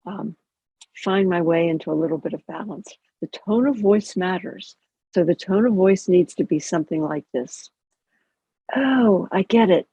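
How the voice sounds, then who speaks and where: A woman chaplain calmly teaching a mindfulness practice over a video call, conversational and gently humorous. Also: fairly low pitch, breathy edge, no echo. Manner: calm, conversational, gently explaining with light humor. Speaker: chaplain and educator. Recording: dull lo-fi video call audio.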